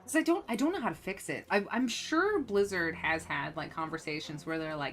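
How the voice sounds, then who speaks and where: A woman streamer chatting casually while playing, rambling and animated, full of fillers as she tells a story. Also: fairly low pitch, a little fast, few pauses, faint music behind. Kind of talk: casual gameplay commentary.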